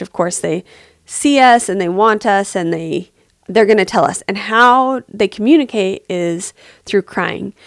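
A woman on a podcast answering a listener's parenting question in a gentle, empathetic way, pausing to think aloud as she talks. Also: mid-range voice, smooth, no echo, studio quality.

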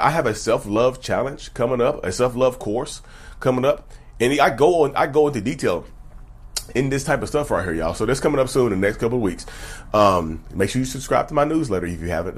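Husky, animated man giving advice. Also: medium pitch. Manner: emphatic, preachy, piles up rhetorical questions. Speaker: self-help YouTuber. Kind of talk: casual direct-to-camera advice talk.

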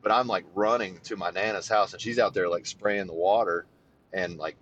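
Deep-voiced man telling a wild story. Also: moderate pace, slight background noise. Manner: animated, swears freely, voice jumps high when excited. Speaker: podcast co-host. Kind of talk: casual storytelling chat.

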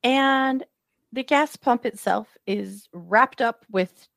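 A woman's voice: fairly high pitch, takes it slowly, creaky, no room sound, studio quality. Woman retelling a road-trip story. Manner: lively retelling with acted-out quotes. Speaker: true crime podcast co-host. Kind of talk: casual storytelling chat.

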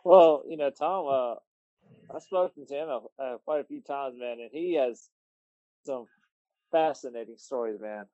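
Mellow-voiced male podcast co-host. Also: medium pitch, unhurried, no room sound, highs cut off. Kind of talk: casual chat.

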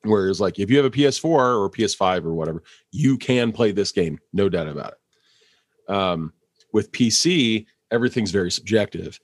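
A man chatting on a podcast in a loose, jokey, rambling way. His voice is fairly low. It is recorded close and dry. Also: lively intonation, moderate pace, dry recording. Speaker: podcast co-host. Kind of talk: casual podcast discussion.

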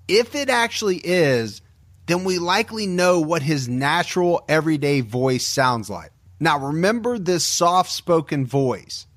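Man, podcast host, scripted true-crime narration, grave, measured, slightly raised pitch, dry close mic. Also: fairly bright tone, no room sound.

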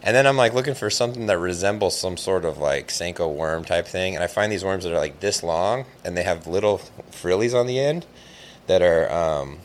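A man telling a long fishing story in casual chat, rambling and animated, with lots of "like" fillers. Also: deep voice, brisk, slight background noise. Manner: rambling, animated, heavy use of "like".

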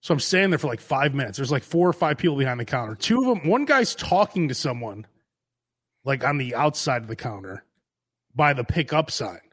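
A man, co-hosting a casual comedic chat show, telling an animated story full of acted-out quotes and frequent laughter. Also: medium pitch, a little fast, breathy edge. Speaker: podcast host.

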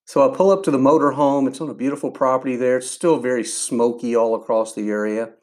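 A man's voice: medium pitch, fast. An earnest man tells a personal faith story on his podcast. His voice sits in a middle register, and he livens up when he acts out what others said. He sounds like an older man speaking from home. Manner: earnest, animated storyteller acting out quotes. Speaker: podcast host.

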